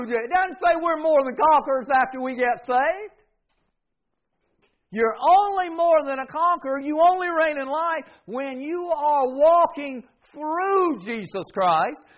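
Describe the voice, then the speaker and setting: A man's voice: very high voice, animated, takes it slowly, a bit bright, dull audio. A man preaching a sermon, getting the congregation to repeat words back and hammering key words through repetition. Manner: call-and-response with congregation, emphatic repetition.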